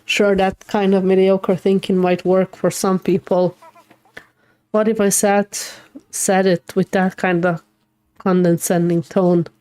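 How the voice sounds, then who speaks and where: A woman's voice: medium pitch, little pitch movement, a little slow, mellow, clear, resonant tone, no echo. Emotional woman streamer reading game dialogue. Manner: emotional, reads game text aloud with reactions. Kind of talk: live gameplay commentary, reading dialogue aloud.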